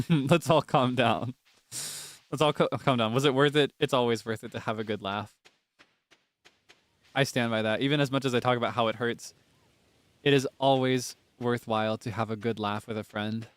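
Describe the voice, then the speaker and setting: A man's voice: medium pitch, steady tone, normal speed, long pauses, dry recording. A man casually chatting to his viewers while streaming a game, talking straight to them and breathless from laughing fits. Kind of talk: casual gameplay stream chat.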